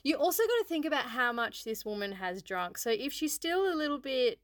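A woman's voice: high-pitched, very animated, a little fast, dry recording, studio quality. A woman, co-hosting a casual chat and telling stories with frequent laughter. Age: 20s. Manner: giggly storytelling, laughs often. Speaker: podcast co-host.

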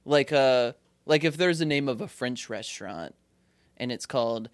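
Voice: mid-range voice, expressive, normal speed, dry recording. A young podcast co-host chatting casually, telling stories with lots of giggles and mimicking how friends talk. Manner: giggly storyteller, mimics people. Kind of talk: casual chat.

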